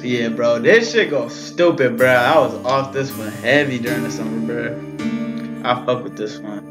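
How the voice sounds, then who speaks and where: A young man giving casual reaction commentary, relaxed and slangy, leaning on "bro" and "man" as he talks. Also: mid-range voice, moderate pace. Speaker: reaction video host. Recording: dull lo-fi recording. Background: faint rap music playing.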